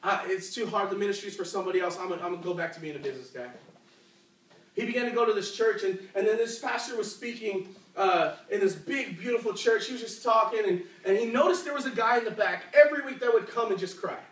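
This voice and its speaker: A man delivers a youth sermon like a story told among friends, with lots of fillers and questions to the crowd. His voice sits high for a man. The sound comes from away from the mic and echoes around a big church room. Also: quick pace, fairly bright tone, recorded from a distance. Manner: conversational, asks the crowd questions, many fillers. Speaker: youth preacher.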